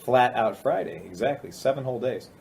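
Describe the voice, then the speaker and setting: A man's voice: medium pitch, lively intonation, a little fast, gravelly, darkish tone. Man, casual co-host, jokey and rambling, faint room noise. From Ohio, USA. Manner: joking, rambling, laughs often. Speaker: podcast co-host. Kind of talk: casual banter.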